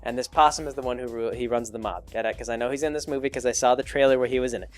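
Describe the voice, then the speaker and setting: A young man rambling through an improvised story, restarting often and acting out characters in quick bits. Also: medium pitch, steady tone, soft background music. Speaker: comedy podcast host.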